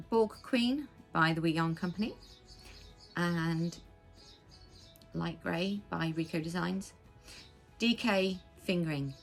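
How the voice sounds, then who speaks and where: An English woman chatting casually as the host of a knitting podcast, rambling with quick asides. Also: fairly low pitch, creaky. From England. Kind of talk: casual chat. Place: home.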